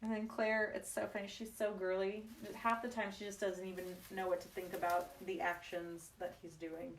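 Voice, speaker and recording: Speaking at a moderate pace, she has a medium-pitched voice with little pitch movement, and a faint hiss or hum sits under the recording. During her live craft session she chats warmly with viewers, sharing family anecdotes and laughing through them.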